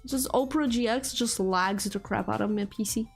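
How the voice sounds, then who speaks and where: A woman's voice: fairly high pitch, brisk, gravelly, husky, soft background music. A woman with a non-native English accent, chatting casually with viewers on a live stream, giggling often. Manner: chatty, giggly, answers chat. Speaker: VTuber streamer.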